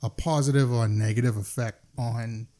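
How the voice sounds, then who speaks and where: Male podcast host, mid-range voice, quiet, brief affirmations. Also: medium pitch, steady tone, brisk. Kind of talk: casual interview.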